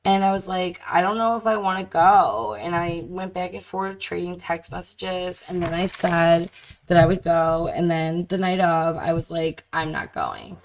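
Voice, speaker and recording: A woman with a low, deep voice reads a deposition witness's answers aloud. She slips into giggles between lines, taking the transcript casually. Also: moderate pace, rough recording. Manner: laughs often, breaks into giggles. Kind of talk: dramatic reading of a deposition.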